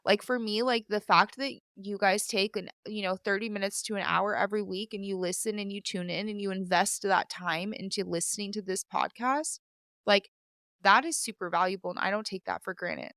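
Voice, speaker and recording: A woman's voice: medium pitch, moderate pace, fairly bright tone, dry recording, clean studio sound. A young woman hosting her own podcast in candid, casual chat, full of fillers and teary at times. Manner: candid, filler-heavy, chatty. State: teary and sniffling. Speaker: podcast host. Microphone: studio microphone.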